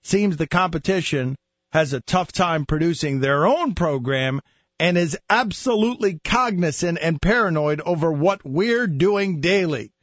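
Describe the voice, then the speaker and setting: A man's voice: on the high side, expressive, unhurried, dry recording, dull audio. A man hosting a sports radio show in casual banter, incredulous and mocking as he talks through a story.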